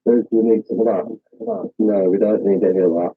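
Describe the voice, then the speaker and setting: A man's voice: on the low side, fairly even intonation, moderate pace, husky, dry recording. A man with a British accent joking crudely in a casual voice-call chat. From United Kingdom. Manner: banter with crude jokes. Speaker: call participant. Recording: tinny call audio, dry.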